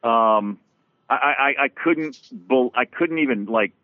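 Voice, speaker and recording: Halting, animated man on a tinny line. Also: mid-range voice, no echo. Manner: animated, halting with many restarts and swearing. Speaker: guest musician. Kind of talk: casual storytelling conversation. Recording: dry tinny phone-like sound.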